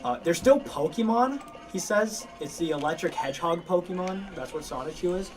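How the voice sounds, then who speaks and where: Rambling man with a higher voice. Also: expressive, faint music behind. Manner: rambling, halting, many fillers and restarts. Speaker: lore storyteller among friends. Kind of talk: casual chat.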